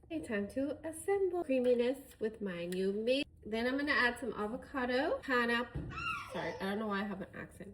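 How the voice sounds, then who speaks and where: A woman's voice: fairly high pitch, animated, fairly quick, few pauses, background noise. A woman casually narrating as she prepares food for her cooking vlog. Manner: chatty, talks while preparing food. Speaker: cooking vlogger.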